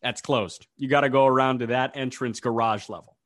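A young man co-hosting a casual sports podcast, telling stories in an animated, ranting way. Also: mid-range voice, brisk. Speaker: podcast co-host.

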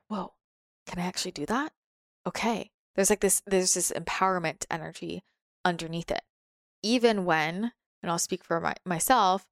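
A woman teaching a spiritual practice in a gentle, soothing way, now and then acting out her inner voices. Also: clear, resonant tone, dry recording, clean studio sound. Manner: gentle, soothing, occasionally voices her ego in a higher pitch. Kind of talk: guided spiritual talk.

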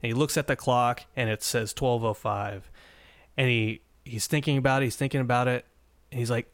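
A man's voice: medium pitch, steady tone, a little fast, a bit bright, no echo. Rambling man recapping an old episode. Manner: rambling, many restarts and fillers. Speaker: podcast host.

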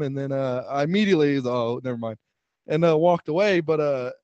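A man's voice: on the high side, steady tone, a little fast, darkish tone, no echo, dull audio. A young man co-hosting a casual podcast, telling crude, mocking stories and laughing often. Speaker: podcast co-host. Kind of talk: casual chat.

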